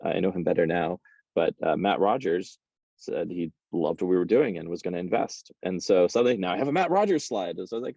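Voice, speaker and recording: Low, gravelly-voiced man telling stories. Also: brisk, no echo, highs cut off. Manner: animated, repeats words when starting. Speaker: guest entrepreneur. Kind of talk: casual interview storytelling.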